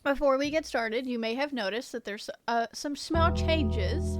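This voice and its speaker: High-voiced woman streamer chatting. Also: measured pace, hardly any pauses, faint music behind. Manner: chatty, greets chat by name, swears casually. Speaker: game streamer. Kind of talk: casual live-stream chat with viewers.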